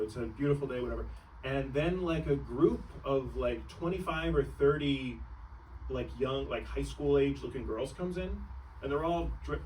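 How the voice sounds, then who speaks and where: A man's voice: mid-range voice, far from the mic, slight background noise, low-quality recording. A young man doing a stand-up comedy set, rambling and breaking off mid-sentence, laughing at his own jokes on a club stage.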